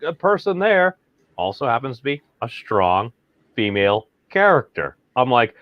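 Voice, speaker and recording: A man's voice: medium pitch, sing-song, normal speed, no echo, highs cut off. A man co-hosting a casual chat, rambling and hedging with lots of filler words. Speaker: podcast co-host.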